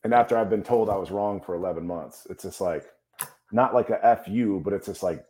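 A man's voice: low-pitched, fairly quick, a little mellow. Brief: fired-up male football pundit, ranting co-host. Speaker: co-host, former player. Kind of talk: heated sports talk.

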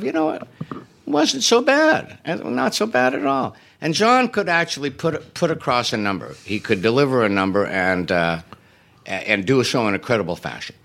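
A man's voice: lowish voice, pushed and bright. A man telling show-business stories as an interview guest, wry and self-deprecating with comic timing. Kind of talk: anecdotal interview storytelling.

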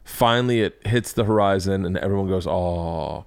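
A man's voice: low voice, quick pace, clean tone, no room sound. Giggly male podcast host, dry mic. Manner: giggly, laughs hard at his own stories, swears freely. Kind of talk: casual comedic storytelling chat.

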